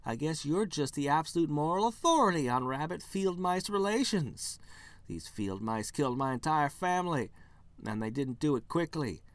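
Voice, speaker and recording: A man's voice: on the low side, brisk, hardly any pauses, sharp tone, no echo. A man voicing a grumpy, vengeful male bunny rabbit in a video game, talking in a sarcastic, bitter manner.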